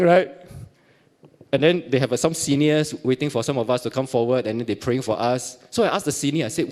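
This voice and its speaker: In a fairly quick, mid-range voice, this Singaporean man in middle age shares a personal testimony at church. He brings it to life by performing the dialogue, laughing often along the way, with his Singaporean accent clear throughout.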